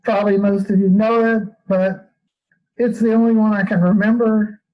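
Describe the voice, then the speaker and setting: High-voiced man telling a joke, chuckling. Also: level tone, moderate pace, highs cut off. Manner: chuckling, easygoing storyteller. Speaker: community member telling a joke.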